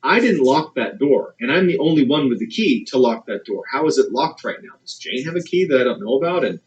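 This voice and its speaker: A man's voice: medium pitch, animated, a little fast, recorded from a distance, lo-fi sound, natural voice. A man voicing a worried male shop owner, firing off anxious questions inside a scary story.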